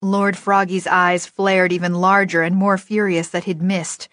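A woman narrating a first-person novel in a lively, expressive storytelling voice. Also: on the low side, a little slow, hardly any pauses, no room sound, clean studio sound. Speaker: audiobook narrator.

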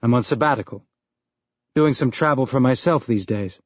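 A man voicing a weary middle-aged male detective who talks in a dry, understated, deadpan way. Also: mid-range voice, normal speed, no room sound, natural voice. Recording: dull lo-fi dry recording.

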